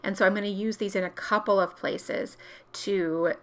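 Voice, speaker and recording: A woman's voice: mid-range voice, fairly even intonation, normal speed. A woman talking casually through a planner crafting tutorial, chatty and explaining each step as she works, correcting herself now and then.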